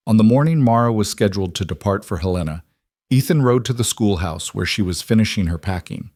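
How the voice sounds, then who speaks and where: A man with a fairly low voice narrates a frontier storybook in a steady, measured audiobook style. The recording is dry and close, with no room sound at all. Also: no room sound.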